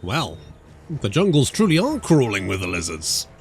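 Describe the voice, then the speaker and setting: A man's voice: on the low side, wildly swooping pitch, moderate pace, vocal fry, faint music behind. A British man casually commentating a strategy game, chatty and rambling with joking asides. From Britain. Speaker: gaming YouTuber. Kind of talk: casual let's-play commentary.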